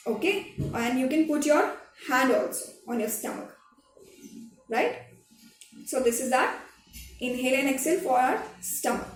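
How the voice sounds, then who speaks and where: A woman, a drama teacher giving a slow, patient online lesson to children, repeating each step. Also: high-pitched, animated. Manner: slow, repetitive, patient instruction. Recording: echoey room, recorded from some distance, faint music behind.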